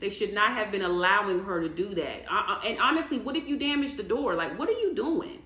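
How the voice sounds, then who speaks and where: A woman giving casual reaction commentary on a reality show, animated and indignant as she rants. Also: medium pitch, a little fast. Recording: echoey room.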